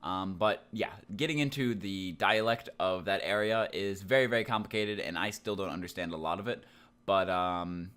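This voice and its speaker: A man's voice: low-pitched, moderate pace, a bit bright, smooth. A young man teaching a casual Japanese grammar lesson, explaining loosely with plenty of ums and likes.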